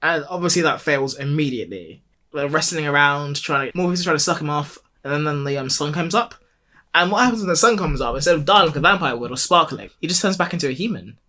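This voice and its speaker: Bright-voiced man recapping with jokes. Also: fairly high pitch, lively intonation, fast talker. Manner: joking recap full of acted quotes and laughs. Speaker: podcast co-host. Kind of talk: casual chat.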